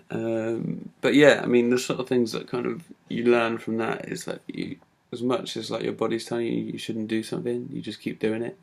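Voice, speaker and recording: A man tells his own story in a casual, unpolished way, pausing often on fillers. His voice sits low and has a gravelly, creaky edge. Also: darkish tone. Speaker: speaker giving a talk. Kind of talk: personal story talk.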